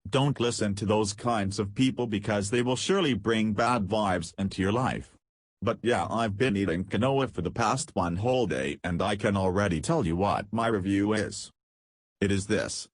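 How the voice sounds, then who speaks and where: A man narrating an absurd comic story in first person, deadpan and goofy. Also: lowish voice, normal speed, no room sound. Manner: goofy, deadpan, absurd humor with silly voices. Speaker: podcast storyteller.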